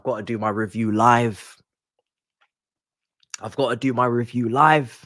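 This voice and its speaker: A man's voice: medium pitch, steady tone, a little slow, long pauses, fairly bright tone, no room sound, studio quality. A man hosting a live football watch-along, ranting in frustration and dropping into muttered asides. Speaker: live stream host.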